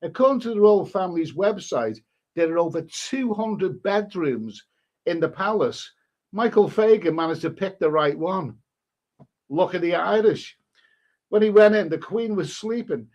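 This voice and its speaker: A man's voice: sits high, expressive, moderate pace, darkish tone. A man hosting a live stream, reading a story aloud in a casual way and breaking off to answer the chat.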